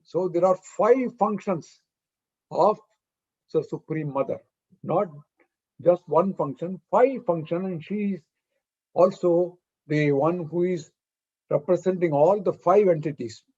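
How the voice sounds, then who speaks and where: A man's voice: on the high side, a little mellow, breathy edge. A man giving a devotional lecture in earnest, patiently explaining terms and posing rhetorical questions, heard over a video call. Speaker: spiritual discourse speaker. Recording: muffled, slightly lo-fi sound.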